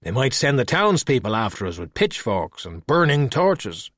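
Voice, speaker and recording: A man reads a calm, sharp-witted skeleton detective in an audiobook. The voice is husky and swings lively in pitch, wry and unhurried. The recording is close and dry. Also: no echo.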